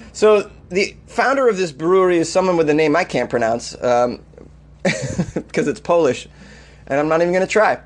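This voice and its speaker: A man with a slightly high-pitched voice hosts a comedy news show. He talks in a loose, riffing way, breaking into laughter and disbelief as he goes. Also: lively intonation, normal speed, long pauses. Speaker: comedy news podcast host. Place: Los Angeles.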